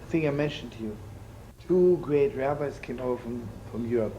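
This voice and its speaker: An older man, a rabbi, teaching in an animated, chatty sermon full of stories and jokes, using Yiddish and Hebrew terms. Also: medium pitch, normal speed, muffled recording, a little hiss or hum.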